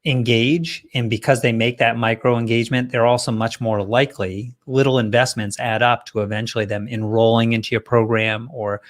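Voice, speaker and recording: Measured, appreciative male interviewer. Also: mid-range voice, fairly even intonation. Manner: measured and appreciative, thinking aloud. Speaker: host and interviewer. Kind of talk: interview conversation.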